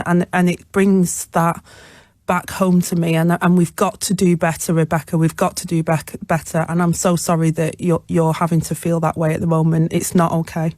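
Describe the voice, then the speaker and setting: A woman's voice: on the low side, a little mellow, no echo. A woman hosting a radio phone-in, talking earnestly with frequent restarts. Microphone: studio microphone.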